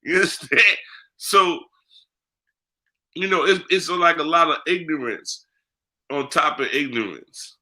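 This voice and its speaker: A man's voice: fairly high pitch, animated, unhurried, pauses often, sharp tone. A man speaking in an interview, talking bluntly with heavy profanity and street slang. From United States. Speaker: guest, spiritual priest. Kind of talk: candid interview talk.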